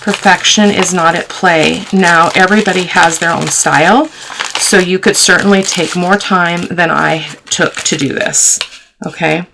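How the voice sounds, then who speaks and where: A woman's voice: on the low side, steady tone, unhurried, creaky, noisy background. A woman hosting a casual crafting tutorial, chatting to her viewers and teasing herself as she works. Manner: chatty, talks to viewers while working, self-teasing. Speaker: craft channel host.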